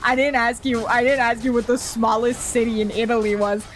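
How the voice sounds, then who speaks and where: A woman's voice: on the high side, little pitch movement, fairly quick. A woman chatting casually while streaming a game, rambling, swearing freely and laughing often. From Canada. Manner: rambling, profane, frequent laughs.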